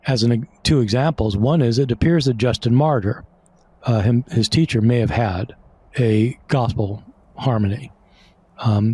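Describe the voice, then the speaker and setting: A man's voice: medium pitch, dark tone, slightly rough. A man explaining as a guest scholar in an interview, conversational, with many fillers and restarts.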